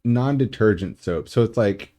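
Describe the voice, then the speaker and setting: Deep, mellow man giving tasting notes. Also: animated. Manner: methodical, measured with ums. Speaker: whisky taster.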